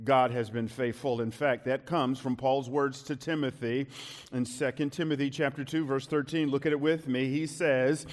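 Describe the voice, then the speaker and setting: A middle-aged male pastor preaching a sermon, slowing down and rising in pitch to stress his key lines. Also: steady tone, long reverb tail.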